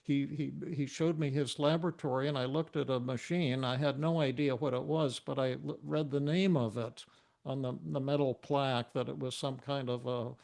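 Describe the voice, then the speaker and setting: Guy with a bit of fry in his voice, keeps repeating words, telling a story on a webinar. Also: mid-range voice, normal speed. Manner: stammering, repeats words often; animated storyteller. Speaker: psychiatrist presenter. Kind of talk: personal anecdote in a webinar.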